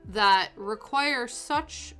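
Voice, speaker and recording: A young woman chatting casually while she crafts on a stream, self-deprecating and quick to laugh, with soft music playing behind her. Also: on the high side, clear, resonant tone. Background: soft background music.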